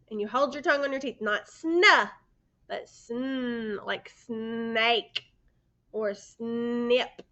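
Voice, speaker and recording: Woman, first grade teacher; slow, patient phonics delivery, slightly higher voice, dull lo-fi recording. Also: a bit bright. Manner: slow, patient, sounds out letters and prompts the children. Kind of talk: phonics lesson for young children. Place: indoors by a sunny window.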